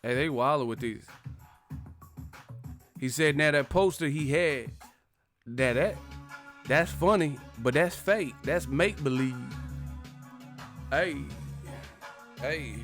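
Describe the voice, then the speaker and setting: This commentator on a live stream has a fairly high, bright voice and talks slowly with frequent pauses, while soft music plays in the background. He chats casually, laughs a lot, uses slang and swearing, and slips into impressions of other people.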